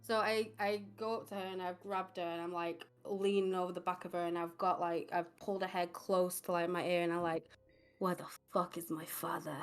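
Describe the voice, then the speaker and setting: A woman's voice: fairly low pitch, little pitch movement, brisk, few pauses, clear, resonant tone, soft background music. A woman playing a tabletop game, stating her character's actions bluntly and swearing freely. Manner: blunt and profane, states actions firmly. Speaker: player. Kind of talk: casual tabletop game talk.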